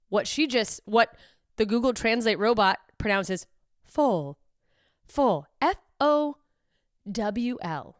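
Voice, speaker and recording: Woman comic host, expressive and incredulous, swears a lot, dry studio sound. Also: mid-range voice, dry recording. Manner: animated, profane, incredulous riffing. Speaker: comedian podcast host. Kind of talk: casual comedic chat.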